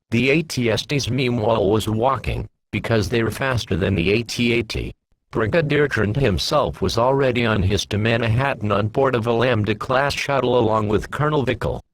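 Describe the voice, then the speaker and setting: A man narrating his own science-fiction fan story aloud in a plain, steady reading voice. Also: mid-range voice, normal speed, slight background noise, rough recording.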